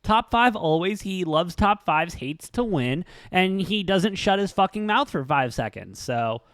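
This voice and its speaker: Blunt, profane sports-betting host. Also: male voice, sits high, animated, a little slow, fairly bright tone, clear, resonant tone, dry recording, clean studio sound. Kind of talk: casual sports betting chat.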